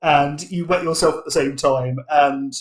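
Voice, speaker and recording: A British man narrates as game master in a comedic tabletop game. His voice sits a little high, and his delivery rambles playfully with plenty of filler words. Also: fairly even intonation, normal speed. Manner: rambling, playful, full of "basically" and "like".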